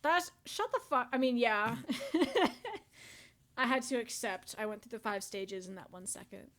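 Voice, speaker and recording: Canadian woman podcast co-host, slightly high voice, crude and giggly banter. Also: animated, unhurried, a bit bright. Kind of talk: casual chat.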